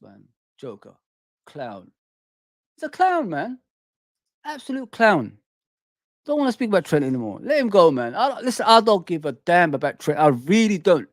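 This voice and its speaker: A man's voice: extremely high pitch, no echo, studio quality. A man hosting a football fan channel, ranting heatedly and repeating "man" and "people" at his listeners. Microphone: desk microphone.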